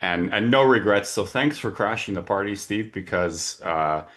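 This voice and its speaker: A very low-voiced man opens a webinar over a video call. He talks casually, with plenty of filler words and restarts. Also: expressive, normal speed, fairly bright tone. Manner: chatty, frequent fillers and restarts. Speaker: webinar host.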